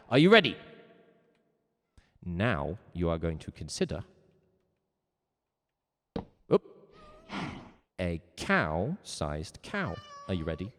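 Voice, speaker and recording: Wildly animated, theatrical man teacher. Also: sits low, takes it slowly, long pauses, big-room sound. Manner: theatrical, jokey and mock-stern. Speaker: music teacher. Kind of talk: playful livestreamed game lesson.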